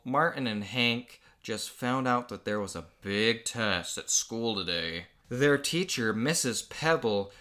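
A man's voice: fairly low pitch, bright, forceful tone. A young man reading aloud his own childhood comic book in casual chat, amused and laughing often.

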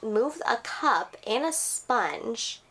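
A woman's voice: fairly high pitch, lively intonation, very slow, fairly bright tone. A woman co-hosting a podcast, chatting casually and reading listener stories with lots of giggling and swearing. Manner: giggly, profane storyteller. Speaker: podcast co-host.

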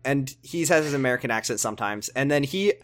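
A podcast co-host recapping a TV episode with jokey, animated banter and some swearing. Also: mid-range voice, fast. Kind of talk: casual comedic recap chat.

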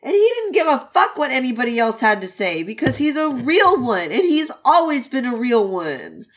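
A woman co-hosting a podcast, telling things in an animated, swearing way and acting out quotes. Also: on the high side, normal speed. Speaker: podcast co-host. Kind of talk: casual chat.

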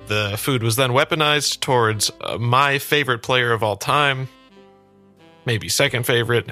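A young man co-hosting a casual sports podcast, making wry, deadpan jokes. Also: mid-range voice, normal speed, soft background music. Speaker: podcast co-host.

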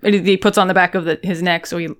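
Woman, smooth clear voice, casual podcast chat, playful, acts out lines. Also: fairly low pitch, steady tone, racing. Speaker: podcast co-host recapping a TV episode.

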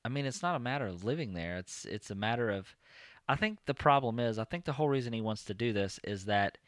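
A man's voice: medium pitch, animated, fast, no echo, studio quality. Rambling casual podcast host, man. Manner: rambling, many ums and uhs. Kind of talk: casual chat.

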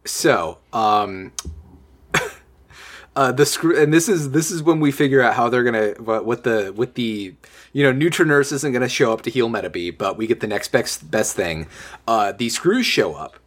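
A man with a middle-pitched voice recaps in a relaxed, rambling way. He leans on fillers and restarts as he goes. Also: moderate pace. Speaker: podcast host. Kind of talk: casual chat.

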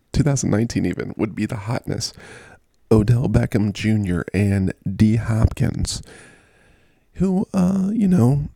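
Male vlogger, low and dark-toned, casual rambling jokey commentary. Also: vocal fry, no room sound, clean studio sound. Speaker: fantasy football vlogger.

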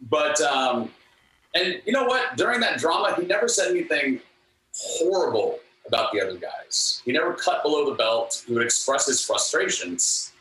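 A man guest telling anecdotes in an interview with an earnest, animated manner, acting out what others said. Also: fairly high pitch, moderate pace, slight background noise. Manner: animated, earnest, acts out quotes. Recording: echoey room, distant mic, faint ambience.

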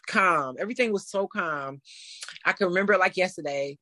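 A woman in her thirties telling a story in a casual interview, animated and laughing as she acts out what people said. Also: on the low side, fairly quick, no echo. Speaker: interview guest.

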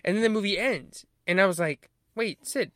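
A man's voice: high-pitched, normal speed, fairly bright tone. A man co-hosting a casual movie review podcast, rambling with hesitant fillers and restarts. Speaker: podcast co-host.

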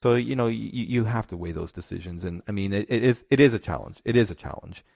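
A man's voice: lowish voice, fast, creaky, a little mellow, dry recording, clean studio sound. A male podcast co-host chatting casually and reflectively about tabletop games, often restarting his sentences.

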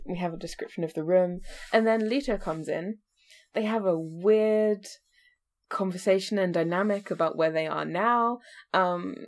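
A woman with a somewhat low voice talks through a book chapter on a casual podcast. She is chatty and laughs easily, with an offhand curse now and then. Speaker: podcast co-host.

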